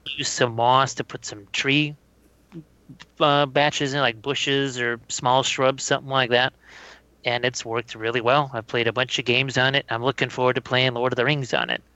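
Bright, dry-sounding man in casual chat. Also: medium pitch, normal speed, no echo, rough recording. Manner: relaxed, practical storytelling about building things. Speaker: podcast co-host.

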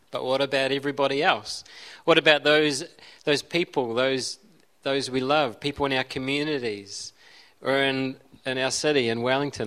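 A man's voice: medium pitch, pushed and bright. A man preaching a sermon as a pastor, conversational, with frequent restarts and side remarks. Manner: conversational, self-interrupting with restarts and asides.

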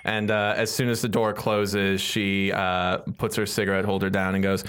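A man narrating as game master in a relaxed way, with many fillers. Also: low voice, moderate pace, slight background noise.

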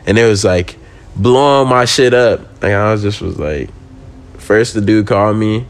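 Speaking with a lowish voice at a moderate pace, a young man who skates professionally shares a casual story as a podcast guest. He's lively and foul-mouthed, re-enacting exactly what he said back then.

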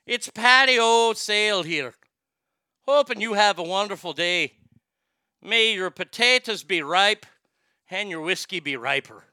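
A man's voice: sits high, animated, unhurried, bright, forceful tone, clean tone, no echo, full character voice. A man putting on a cheery stereotyped Irishman, speaking in an exaggerated sing-song Irish brogue. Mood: jolly. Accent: put-on Irish.

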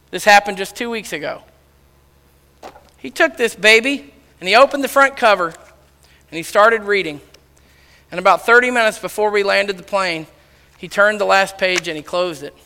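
A man preaching a sermon, loudly telling stories and acting out the dialogue. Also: high-pitched, smooth. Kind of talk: sermon storytelling. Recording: long reverb of a large hall.

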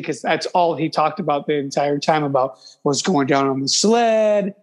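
A man, a guest on a casual podcast, who talks haltingly and restarts his phrases. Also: a little high. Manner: halting, with many fillers and restarts. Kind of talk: casual chat.

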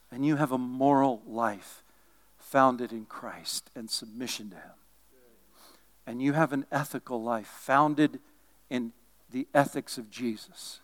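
A middle-aged male pastor preaching a sermon, swinging from loud, driving bursts to quiet asides and jokes. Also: fairly high pitch.

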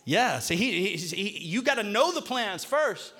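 A high-pitched man speaks at a measured pace, preaching as a pastor in church. His animated call-and-response sermon coaxes the congregation to repeat scripture back.

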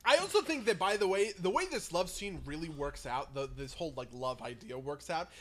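A man with a fairly high voice talks in loose, animated conversation, building his argument point by point. He swears freely and laughs between points. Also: fairly quick. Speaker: podcast co-host. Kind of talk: casual chat.

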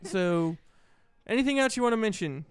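A man's voice: high-pitched, lively intonation, normal speed. A young man co-hosting a podcast, rambling and swearing casually while joking with his co-host. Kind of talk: casual chat.

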